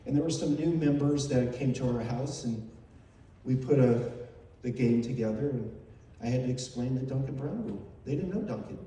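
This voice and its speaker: A man's voice: medium pitch, moderate pace, warm tone. An older man telling heartfelt, emotional stories in a memorial tribute, repeating phrases as he speaks. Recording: very echoey hall, voice from far off.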